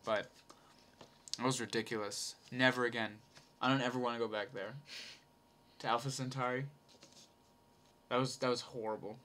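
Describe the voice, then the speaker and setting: A man's voice: medium pitch, steady tone, moderate pace, pauses often, bright, forceful tone, slight background noise. A man telling a long, rambling story in a casual, off-the-cuff way, swearing and laughing easily.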